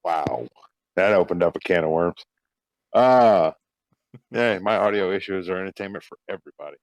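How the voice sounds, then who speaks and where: A man playing a character in a tabletop game, talking in a hesitant, soft way with lots of fillers, heard through a muffled microphone. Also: sits low, lively intonation, moderate pace, dry recording. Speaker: player. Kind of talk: casual tabletop play. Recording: muffled mic with audio issues.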